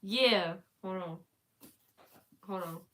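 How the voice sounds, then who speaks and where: A woman's voice: mid-range voice, very slow, bright, forceful tone. A woman chatting casually on a live stream, easygoing and joking.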